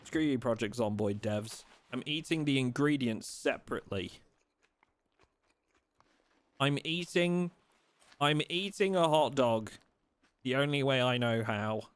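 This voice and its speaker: A man's voice: mid-range voice, a little slow, long pauses, clean tone, no echo. A man live-streaming a video game, chatting casually with his viewers and playfully complaining. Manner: playful, mock outrage, talks to his dog in a soft voice.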